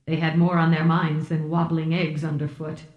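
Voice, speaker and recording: A man's voice: fairly high pitch, completely flat delivery, moderate pace, highs cut off, lightly acted. A woman doing a dutiful male starship officer reporting to a superior in an audiobook. The delivery is formal and deferential, with a roomy echo around it.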